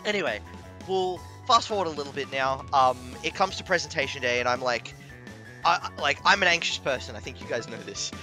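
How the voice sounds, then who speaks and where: A man telling a long personal story in casual chat, animated, swearing and laughing as he goes. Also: mid-range voice, fairly quick, soft background music. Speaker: stream commentator.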